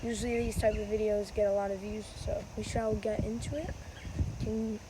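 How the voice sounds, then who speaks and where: Speaking at a normal speed in a level, mid-range voice, a woman hosts a casual outdoor how-to vlog on a windy day. She's a wiffleball player and the channel's host, recorded on a phone camera, and she rambles, chats, and corrects herself as she explains.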